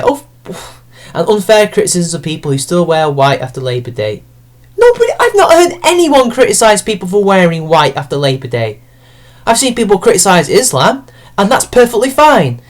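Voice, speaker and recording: A man's voice: high voice, big pitch swings, fairly quick. A man giving a sarcastic, profane rant as an online commentator picking apart an article.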